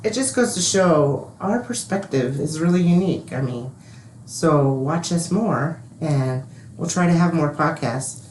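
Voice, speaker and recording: A woman's voice: sits low, expressive, a little slow, a little mellow. A woman co-hosting a podcast, chatting casually with short supportive reactions. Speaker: podcast co-host. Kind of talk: casual chat. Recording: echoey room with faint noise.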